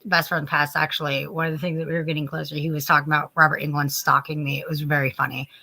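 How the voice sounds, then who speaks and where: Casual female co-host, bright tone, rambling storyteller who trips over her restarts. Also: sits low, flat delivery, fast. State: sleepy. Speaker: podcast co-host. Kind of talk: casual chat.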